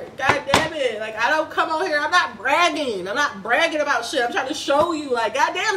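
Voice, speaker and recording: High, animated woman preaching bluntly. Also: normal speed, few pauses, background noise. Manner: blunt, profane, preachy ranting. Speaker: spiritual reader. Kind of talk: casual spiritual reading vlog. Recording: echoey room with faint ambience.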